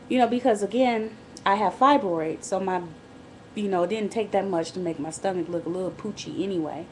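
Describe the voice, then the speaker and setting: A woman chats candidly into her camera mic while on bed rest during pregnancy. Her talk is casual and full of restarts and asides. A faint low hum runs underneath. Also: a little fast, a little mellow. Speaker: vlogger. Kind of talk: casual pregnancy diary vlog.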